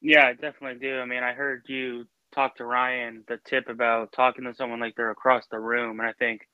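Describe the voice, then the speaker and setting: A male caller on a sports radio show who speaks flatly and trails off at the end of sentences. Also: medium pitch, a little fast, clean tone, no echo. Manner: flat, trails off at sentence ends. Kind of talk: phone-in call. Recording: tinny phone line.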